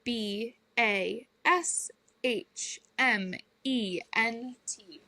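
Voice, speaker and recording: A woman co-hosting a podcast in casual chat, speaking slowly with brief reactions. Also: fairly high pitch, sharp tone, no room sound. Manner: slow, laughs along, brief reactions. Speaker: podcast co-host.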